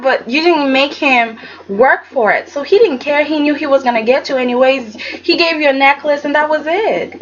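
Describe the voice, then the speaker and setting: A woman's voice: sits high, a bit bright, dull audio, a little hiss or hum. A woman giving a casual, emphatic recap of a soap opera episode, often checking in with "okay?" and restarting her sentences.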